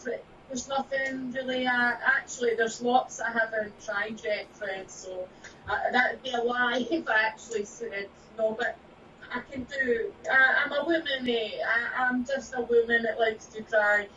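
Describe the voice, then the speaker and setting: A Scottish woman with a higher-pitched voice, joking and laughing often, then earnest and warm when she gives advice. She sounds distant, in an echoey room. The sound is muffled and lo-fi. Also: steady tone, a little slow, slight background noise. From Scotland. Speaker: guest. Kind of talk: casual chat on a live broadcast. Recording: echoey, dull sound, from far off.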